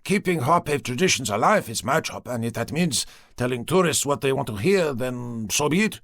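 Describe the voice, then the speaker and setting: A man's voice: medium pitch, lively intonation, normal speed, fairly bright tone, no room sound, clean studio sound. A man voicing a cheerful, skinny young man who plays a fake shaman for tourists, talking eagerly like a salesman. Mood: chirpy, eager.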